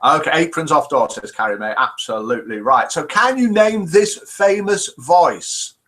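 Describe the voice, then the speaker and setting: Lively, playful male host. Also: on the high side, normal speed. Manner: playful, chatty. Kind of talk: live chat show, reading jokes.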